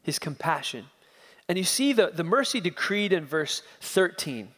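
A man delivers an expository sermon in a notably high voice, pressing his points with emphatic repetition. His words ring out with a long reverb, as if from a church sanctuary. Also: sing-song, normal speed, bright, forceful tone. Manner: emphatic, building repeated phrases. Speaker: preacher.

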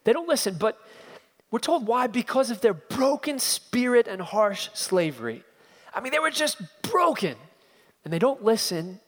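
Emphatic high-voiced preacher in a reverberant hall. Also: male voice, big pitch swings, normal speed, fairly bright tone. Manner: emphatic, building repeated phrases. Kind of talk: expository sermon.

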